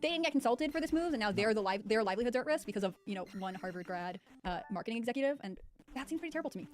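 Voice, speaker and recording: A woman co-hosting a political talk show, making wry, quick remarks. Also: a little high, expressive, faint music behind.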